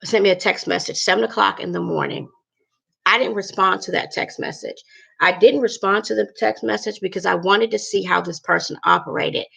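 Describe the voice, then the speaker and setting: An upset woman speaks straight to her viewers in a heavily gravelly, fry-laden voice. She is chatty and emphatic, circling back over her points. Her pitch sits in an ordinary middle range for a woman. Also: fairly quick, a bit bright. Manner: chatty, emphatic, repeats herself, addresses viewers as you guys. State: emotional, upset. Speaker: vlogger. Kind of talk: emotional personal vlog rant.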